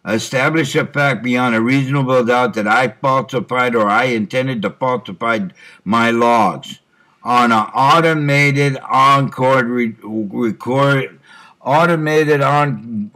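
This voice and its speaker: A middle-aged man, a truck driver, talking to himself in a rambling monologue recorded on his computer, with many fillers and frequent throat clearing. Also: mid-range voice, takes it slowly, sharp tone. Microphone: computer microphone.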